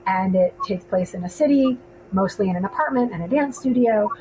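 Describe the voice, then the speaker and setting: A woman's voice: mid-range voice, brisk, dark tone, a little hiss or hum, rough recording. A woman in her thirties, a filmmaker co-hosting a podcast, chatting casually with lots of ums. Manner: chatty, laughs often, many ums. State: hiccups. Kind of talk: casual panel chat.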